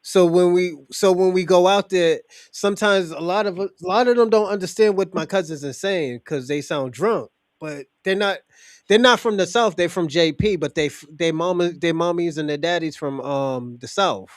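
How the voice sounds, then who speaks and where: A man's voice: sits high, normal speed, no room sound, clean studio sound. A male host in casual chat, loose and joking, laughing often and using street slang.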